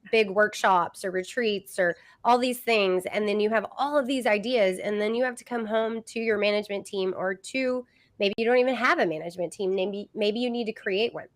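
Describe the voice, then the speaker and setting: A woman with a Southern accent hosting a live business podcast, chatty with many fillers. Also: mid-range voice. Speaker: host.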